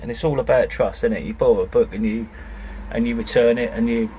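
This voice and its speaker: A man's voice: medium pitch, steady tone, fast talker, mellow, a little hiss or hum. A middle-aged man, chatting and rambling as he vlogs from his campervan, swearing now and then. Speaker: campervan vlogger. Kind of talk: casual rambling vlog chat. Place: outdoors by a campervan in the sun.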